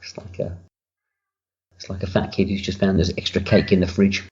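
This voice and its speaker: A man's voice: deep voice, level tone, moderate pace, darkish tone, muffled recording. A man talking candidly and at length as a director's commentary, rambling and cursing casually, recorded at home. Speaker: writer-director giving commentary. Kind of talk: relaxed audio commentary. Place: home room.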